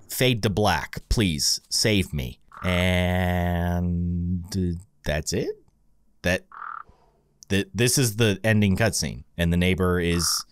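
A man talks through a game in casual commentary, his pitch swooping up and down. He reacts aloud, exclaiming and chatting freely. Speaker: gaming video host.

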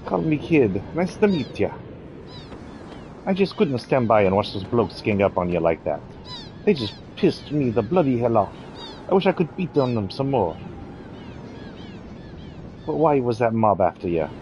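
A man's voice: mid-range voice, big pitch swings, normal speed, pauses often, a little mellow, slight background noise. A man voicing a brash young woman thief, cheeky and bouncy, reading game dialogue aloud. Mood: cocky.

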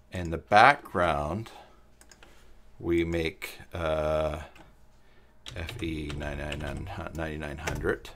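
A man hosting a live-stream web design tutorial, thinking aloud as he works and answering chat viewers, halting often with pauses and fillers. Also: low-pitched. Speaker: tutorial host.

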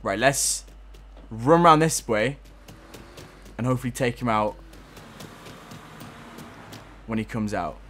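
A man's voice: medium pitch, moderate pace, fairly bright tone. A young man giving casual gameplay commentary, frustrated, swearing a lot and laughing at himself.

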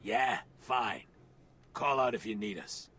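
An actor playing a cocky gang thug in a video game, talking casually. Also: male voice, fairly low pitch, slow, bright, forceful tone, breathy edge, full character voice. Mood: offhand. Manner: casual, offhand.

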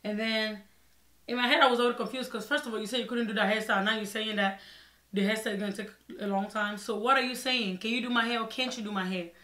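A young woman vlogger telling a personal story in a casual, expressive way, acting out her own side of the conversations. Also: a little high, fast talker. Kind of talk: storytime vlog. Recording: echoey room.

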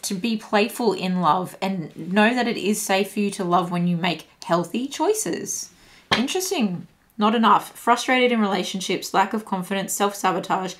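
Woman musing through a tarot reading. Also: mid-range voice. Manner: musing, thinking aloud, repeats phrases. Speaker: tarot reader. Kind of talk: casual tarot reading to camera.

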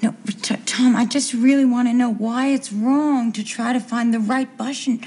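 An actress playing an earnest, confused housewife in a 1970s TV soap, speaking in a hesitant, stammering way. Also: female voice, fairly high pitch, fairly even intonation, moderate pace, mellow, close to an everyday voice.

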